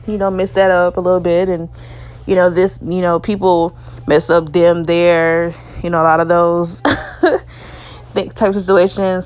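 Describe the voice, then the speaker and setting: A young woman from Alabama tells a dating story casually and chattily, leaning on "you know" and laughing often. Her voice has a fairly low pitch.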